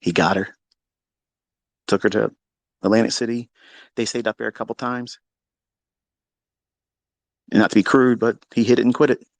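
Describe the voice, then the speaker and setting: A man's voice: fairly low pitch, steady tone, normal speed, gravelly, pauses often, dry recording. Profane, mocking man telling a story. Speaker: Twitter Space host. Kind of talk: casual storytelling rant. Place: lives in Maryland.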